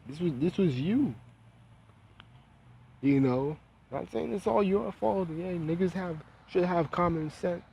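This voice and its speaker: A man's voice: high-pitched, measured pace, creaky, long pauses, dark tone, lo-fi sound, a little hiss or hum. A man giving a casual opinion monologue as a vlogger, with blunt, profane, heated ranting.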